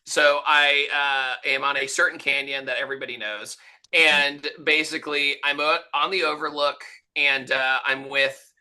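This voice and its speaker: A man's voice: on the high side, normal speed, clean tone, low-quality recording. A man guest on a motoring podcast, telling a story in casual chat and acting out the people in it. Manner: animated, acts out quotes in his story.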